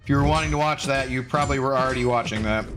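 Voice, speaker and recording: A man's voice: mid-range voice, rapid-fire, background noise. A man casually chatting with viewers while live-streaming a mobile game, greeting them by name.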